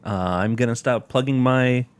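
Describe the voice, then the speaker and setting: A man's voice: medium pitch, moderate pace, clear, resonant tone. A man co-hosting a casual gaming podcast, laid-back and wry. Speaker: podcast co-host.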